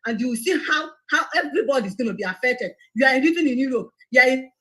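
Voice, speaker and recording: A woman's voice: high voice, lively intonation, fast, fairly bright tone, rough recording. A woman making an impassioned, pleading appeal on a live broadcast, indignant and repeating herself.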